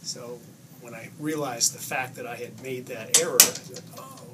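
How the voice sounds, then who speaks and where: A man slowly telling a workplace anecdote about a mistake in an interview. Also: medium pitch, fairly even intonation. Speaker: coworker giving a tribute. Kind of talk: casual anecdote. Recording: distant mic with noticeable room noise.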